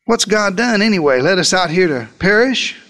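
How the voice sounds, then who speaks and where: A man's voice: high voice, expressive, moderate pace, a bit bright. A man voicing a frightened disciple who groans and complains during a storm at sea. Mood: grumbling.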